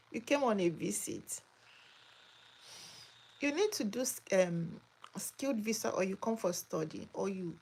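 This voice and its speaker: A woman with a breathy, husky voice hosts a live chat from her home, answering viewer comments. She talks emphatically, exclaims a lot and says things twice for effect. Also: mid-range voice, a little mellow. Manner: emphatic, repeats herself, exclamatory. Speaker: migration advice channel host. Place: home in Australia.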